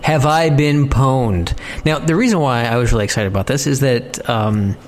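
A man hosting a podcast, chatting casually in a rambling, self-mocking way with halting restarts. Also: mid-range voice. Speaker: podcast host.

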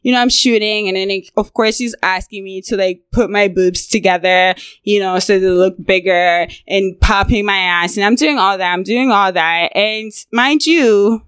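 A woman in her twenties from Africa, telling stories in an animated, blunt, profane way, often laughing. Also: mid-range voice, normal speed, few pauses, smooth, no echo. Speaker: podcast host. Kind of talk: casual storytelling chat.

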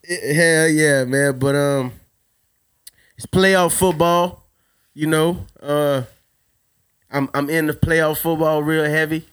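Loud man telling stories. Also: a little high, steady tone, takes it slowly, pauses often, clean tone, no room sound, studio quality. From Louisiana. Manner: loud, profane, laughing, slangy. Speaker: podcast host. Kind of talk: casual rambling storytelling.

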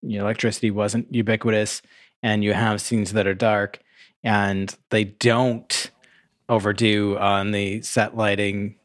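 Low-voiced, thoughtful man on a podcast. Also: flat delivery, measured pace, dry recording, studio quality. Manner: thoughtful, trails off softly, hesitant fillers. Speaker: podcast co-host. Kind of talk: casual chat.

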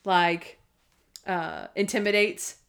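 A woman's voice: medium pitch, steady tone, fairly bright tone. Chatty woman recapping TV episodes. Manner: chatty, full of "like" and quick asides. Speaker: podcast co-host. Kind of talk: casual chat recapping TV episodes.

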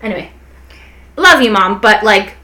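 A young adult woman co-hosting a casual podcast chat, telling an animated story, swearing freely and tacking on "and whatnot". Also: mid-range voice, moderate pace. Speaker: podcast co-host.

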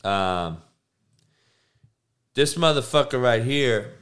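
Man, casual rant, constant swearing, heated, lively pitch. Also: takes it slowly, smooth.

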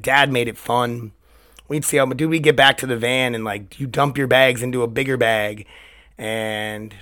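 A man hosting his own solo podcast, his voice hoarse and cracking, rambling in a loose, chatty way with plenty of swearing. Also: medium pitch, a bit bright. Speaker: podcast host. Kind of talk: casual solo podcast monologue.

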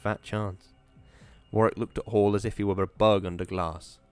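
A man narrating a story as an audiobook, in a steady, measured way. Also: fairly low pitch, clear, resonant tone, no room sound, faint music behind.

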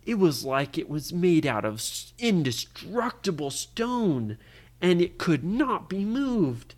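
A storyteller telling an improvised bedtime story, animated and often asking the listener what happened next. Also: mid-range voice, slow. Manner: animated, keeps quizzing the listener.

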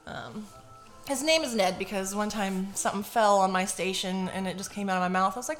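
A woman's voice: mid-range voice, quick pace, fairly bright tone, soft background music. A young adult woman co-hosting a podcast, telling stories in a loose casual way, swearing freely and laughing easily. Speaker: podcast co-host. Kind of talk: casual storytelling chat.

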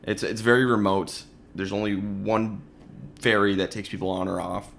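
A man's voice: lowish voice, little pitch movement, moderate pace, creaky, fairly bright tone. Sarcastic man recapping a movie. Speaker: podcast host. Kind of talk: casual movie review chat.

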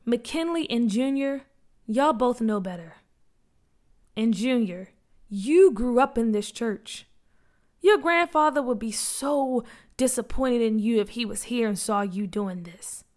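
A woman's voice: on the high side, lively intonation, a little mellow. Woman doing a stern scolding deacon. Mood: stern lecturing. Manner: slow, stern, lecturing. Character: stern older male church deacon, scolding.

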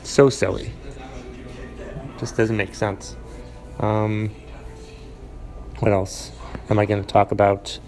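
A man's voice: on the low side, slow pace, creaky, long pauses, faint music behind, rough recording. Rambling New man podcasting solo. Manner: rambling, deadpan, many fillers and restarts. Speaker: podcast host. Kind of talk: casual solo podcast monologue.

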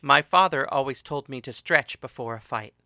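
A ruthless young woman fighter speaks in a low, controlled, quietly menacing voice, as a male reader puts her on. The tone stays bright and forceful, and the sound is dry and close. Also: normal speed, gravelly, dry recording. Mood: calm.

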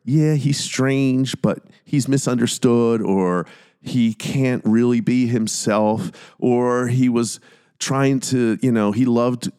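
A man's voice: mid-range voice, steady tone, slow, mellow, clean tone. A man hosting a podcast, talking in a casual, critical, conversational way as he retells scenes. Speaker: podcast host. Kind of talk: casual commentary.

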